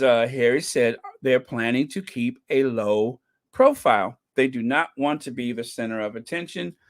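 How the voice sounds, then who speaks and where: A man's voice: mid-range voice, no room sound, studio quality. A man hosting a podcast, chatting casually and reading out viewer comments, with frequent ums and uhs and repeated phrases for emphasis. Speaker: podcast host.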